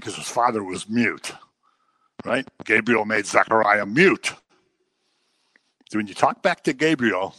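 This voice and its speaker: Male pastor, bright voice, dry sound, playful animated sermon. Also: medium pitch, no room sound. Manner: jokey, animated preaching with acted-out quotes.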